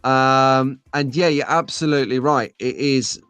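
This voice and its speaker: A man's voice: mid-range voice, a little slow, fairly bright tone, clean tone, no echo, faint music behind. Chatty man on a live stream. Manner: chatty, rambling, reads chat comments aloud. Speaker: host of a live stream show. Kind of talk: casual live-stream chat.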